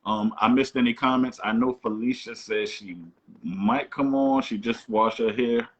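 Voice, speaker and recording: A man's voice: medium pitch, steady tone, unhurried, muffled recording. A man hosting a casual online call-in chat. He talks in a loose, playful, teasing way. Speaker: host.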